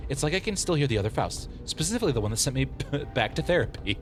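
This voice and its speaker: A male streamer giving live game commentary, playful and quick to laugh, with lots of exclamations. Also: mid-range voice.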